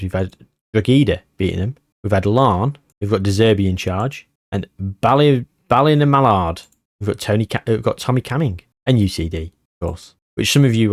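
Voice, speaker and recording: A man's voice: fairly low pitch, dry recording, studio quality. A man casually commenting on his football management game, rambling with puns and self-deprecating jokes. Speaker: gaming YouTuber.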